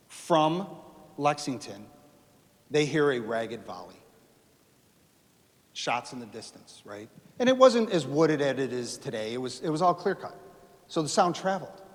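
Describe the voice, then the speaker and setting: A man giving a storytelling history lecture to a live audience in a lecture hall, animated, acting out quotes and asking the audience questions. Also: medium pitch. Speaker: history speaker. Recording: reverberant hall.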